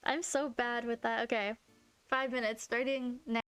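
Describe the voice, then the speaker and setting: A young woman streaming games, chatting casually with her viewers, excitable and quick to swear, gasp and shriek. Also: a little high. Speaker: game streamer. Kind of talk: casual live-stream chat. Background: faint game music.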